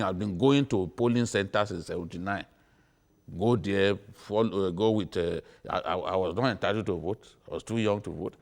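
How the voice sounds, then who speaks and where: A middle-aged Nigerian man speaks on a television panel. His voice sits fairly low, and he lectures emphatically, repeating his points. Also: creaky. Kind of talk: studio panel discussion. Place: TV studio.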